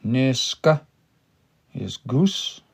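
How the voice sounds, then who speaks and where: A man with a gravelly, mid-pitched voice talks through a casual language lesson. He thinks aloud, restarts his phrases and sounds words out one syllable at a time. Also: big pitch swings, drawn-out words. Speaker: Cree language teacher.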